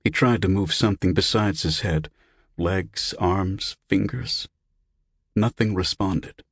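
A man narrating an audiobook in a measured, even manner on a close mic. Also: sits low, slightly rough, no echo.

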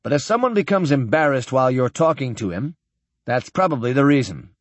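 A man's voice: medium pitch, sing-song, a little fast, dry recording. A man voicing a blunt, guarded naval officer who speaks stiffly.

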